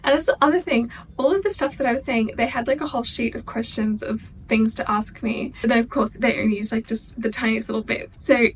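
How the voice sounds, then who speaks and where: A young Australian woman chatting excitedly to camera as a vlog host. Her voice sits a little high, and she strings her thoughts together with a steady stream of "like". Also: fairly quick, few pauses, background noise. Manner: gushing, chatty, heavy use of "like". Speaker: vlogger. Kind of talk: casual reaction chat.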